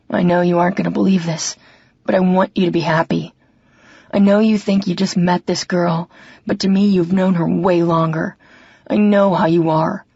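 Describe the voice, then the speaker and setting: A blunt, tipsy young man with a lowered, husky voice, as a woman narrator plays him. He talks plainly and heavily in an audiobook scene. The studio recording is dry and a bit muffled. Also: warm tone, no echo. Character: drunk, blunt young man, resentful brother. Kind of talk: audiobook character voice.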